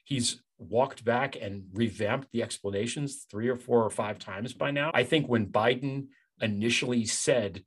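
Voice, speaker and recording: A man's voice: medium pitch, measured pace, hardly any pauses, breathy edge. A man speaking as a guest commentator in casual political chat, blunt, conversational and opinionated.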